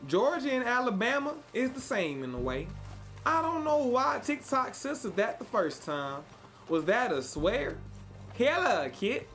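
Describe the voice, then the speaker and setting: A man's voice: extremely high pitch, sing-song, a little slow, a bit bright, soft background music. A man from Chicago live-streaming a game and chatting with viewers in a playful put-on Southern cowboy drawl. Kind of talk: live gameplay stream chat.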